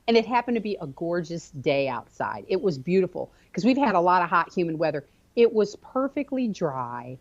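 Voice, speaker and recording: Expressive woman telling a story on lo-fi audio. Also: on the low side, normal speed, hardly any pauses. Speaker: guest. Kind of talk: personal storytelling in conversation.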